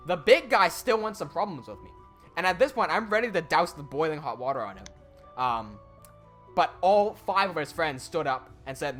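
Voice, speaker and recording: A young man telling a story in casual chat, animated, with quick asides and swearing. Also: fairly high pitch, soft background music.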